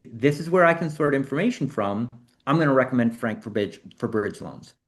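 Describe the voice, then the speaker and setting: A man guest on a podcast interview, explaining his work in an animated way that speeds up and slows down to stress points. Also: on the high side. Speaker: AI consultant guest.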